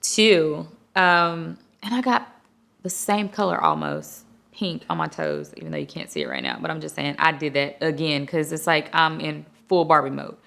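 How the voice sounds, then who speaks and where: A woman hosting a casual chat show, talking in an animated, chatty and playful way. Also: deep voice, normal speed, vocal fry. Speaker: host.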